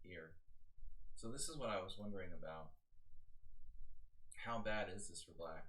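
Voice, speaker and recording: A man with a fairly low voice analyzes chess games on a live stream. He talks in a loose, chatty way, joking and thinking aloud as he works through the moves. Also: moderate pace, pushed and bright, low-quality recording. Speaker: chess coach.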